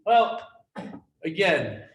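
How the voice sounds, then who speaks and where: A man's voice: fairly high pitch, sing-song, drawn-out words. A middle-aged man telling humorous personal stories at a memorial gathering. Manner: humorous anecdotal storytelling. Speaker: eulogy speaker. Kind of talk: storytelling memorial speech. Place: synagogue hall. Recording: echoey hall from far off with faint noise.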